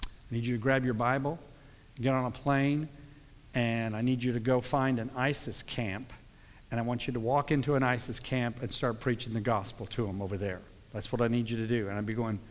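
A man giving a sermon in a relaxed, conversational way, breaking into quoted voices as he tells the story. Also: mid-range voice, moderate pace. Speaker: pastor. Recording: long hall reverb.

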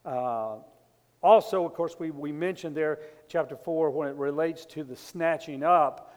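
Rambling pastor in a reverberant hall. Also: male voice, a little high, unhurried, a little mellow. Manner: conversational, rambling with asides and restarts. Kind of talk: sermon.

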